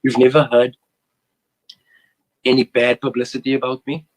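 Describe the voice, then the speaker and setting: A man's voice: mid-range voice, little pitch movement, moderate pace, poor audio. A man in his forties tells an earnest, heartfelt story as a guest in a casual interview. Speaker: former goalkeeper, interview guest.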